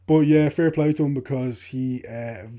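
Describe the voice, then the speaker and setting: A man with a mellow, mid-pitched voice discusses a film on a podcast. He talks in a relaxed, easygoing way, padding his points with hedges and fillers. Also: moderate pace. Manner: relaxed, hedging with fillers, laughs along.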